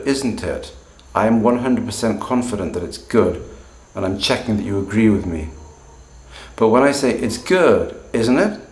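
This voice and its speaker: Man, pronunciation teacher, lowish voice, echoey room, acts out sample phrases. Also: a little mellow. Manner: demonstrates intonation by repeating phrases with exaggerated tones. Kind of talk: explanatory teaching monologue. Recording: roomy echo.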